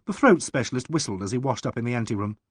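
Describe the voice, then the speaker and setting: A man reading a mystery audiobook aloud in an expressive, animated narration. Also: medium pitch, fast talker, dry recording, studio quality.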